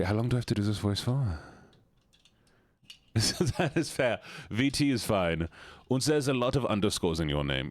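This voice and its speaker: A man's voice: on the low side, no room sound. A man chatting casually with his live-stream viewers, playful and jokey, slipping in and out of put-on accents and silly voices. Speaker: livestreamer.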